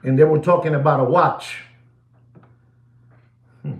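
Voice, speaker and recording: A man giving a watch market update, theatrical and animated, swinging from loud calls to hushed asides and dropping Spanish phrases into his English. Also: a little high, measured pace, echoey room.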